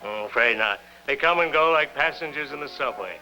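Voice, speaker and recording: An actor playing a gruff older doorman at a rehearsal hall, blunt and folksy, in a 1950s television drama. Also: mid-range voice, lively intonation, fairly quick, bright, forceful tone, soft background music. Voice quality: folksy, blunt, ungrammatical talk.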